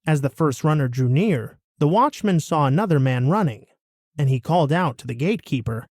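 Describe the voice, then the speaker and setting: A man reading a Bible passage aloud in a steady, expressive way. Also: fairly high pitch, brisk, dry recording, studio quality. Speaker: scripture reader.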